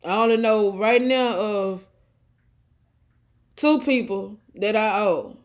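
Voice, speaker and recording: A woman's voice: mid-range voice, slow pace. Tearful woman venting into her phone. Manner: venting, defiant, swings from subdued to heated. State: tearful after crying. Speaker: vlogger. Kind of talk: emotional selfie vlog rant. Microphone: phone held at arm's length.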